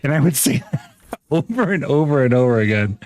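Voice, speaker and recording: Animated, laughing male game streamer. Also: medium pitch, normal speed, no echo. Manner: animated, laughing storyteller who swears freely. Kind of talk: casual gaming livestream storytelling.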